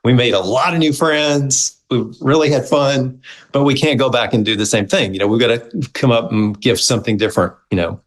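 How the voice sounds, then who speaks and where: A middle-aged man, a guest on an interview show, telling his story in a casual, animated way and acting out the quoted dialogue. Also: mid-range voice, fairly quick, low-quality recording. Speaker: guest, movement founder.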